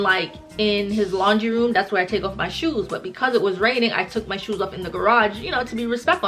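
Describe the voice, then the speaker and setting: Woman vlogger rambling thru a storytime, mid pitch, lots of likes, faint music behind. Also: a bit bright. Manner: chatty, filler-heavy retelling with many "like"s. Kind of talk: casual storytime.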